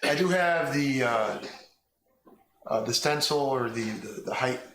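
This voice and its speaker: A man narrating a tabletop game as game master, describing scenes haltingly with frequent restarts. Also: medium pitch, background noise. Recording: echoey room with music behind.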